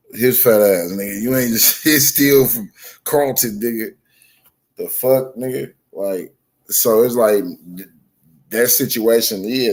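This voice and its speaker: A man telling a story in casual chat, profane and animated, acting out both sides of the dialogue. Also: lowish voice.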